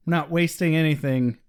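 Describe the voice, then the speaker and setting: A man co-hosting a podcast in relaxed, casual chat. His delivery is dry and comes across as sarcastic even when it isn't meant that way, in a somewhat high-pitched voice. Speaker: podcast co-host.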